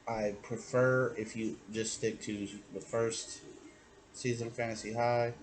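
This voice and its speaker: A relaxed man who runs his friends' tabletop games, talking casually at an ordinary pitch. He swears freely and keeps things loose. A faint hiss of noise sits under the recording. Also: measured pace, rough recording. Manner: swears freely, laid-back. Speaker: game master. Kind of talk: casual chat.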